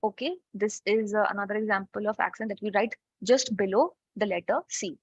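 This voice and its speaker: A woman's voice: mid-range voice, fairly quick, slightly rough, no echo. Woman, online language teacher, patient step-by-step explainer; dry, muffled video-call sound. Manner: explains step by step with frequent "okay" checks. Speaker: French teacher. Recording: dull lo-fi online call audio.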